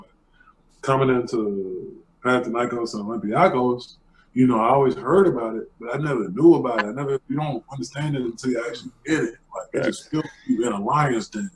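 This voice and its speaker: A man's voice: medium pitch, poor audio. A man, a former pro basketball player, talking casually and reflectively on a panel.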